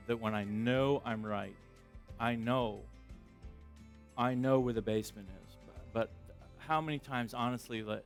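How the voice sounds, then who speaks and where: Man preaching with loud and soft swings. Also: mid-range voice, creaky. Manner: conversational preaching, self-deprecating, swings between loud emphasis and quiet asides. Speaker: pastor. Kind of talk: sermon. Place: church sanctuary.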